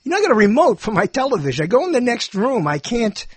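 A man's voice: very high voice, big pitch swings, quick pace, husky, dry recording. An older man rambling through a meandering, self-interrupting monologue, chuckling as he muses.

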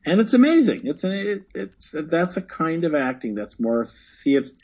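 A man of middle pitch with a husky edge, speaking as a guest who teaches acting. He explains earnestly and often repeats words while he builds a point. The recording sounds a little dull and lo-fi. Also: very animated, moderate pace, darkish tone. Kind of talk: casual conversation.

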